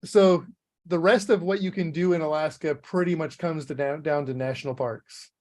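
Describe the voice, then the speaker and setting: A man in a casual chat, calmly bringing up places to visit. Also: on the high side, moderate pace, no room sound, clean studio sound. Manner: laid-back, presents travel topics.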